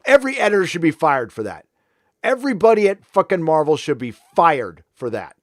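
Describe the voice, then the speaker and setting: A man's voice: a little high, big pitch swings, brisk, no room sound, clean studio sound. A man hosting a live stream, ranting angrily with heavy profanity, then easing into casual chat with viewers. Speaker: livestream host.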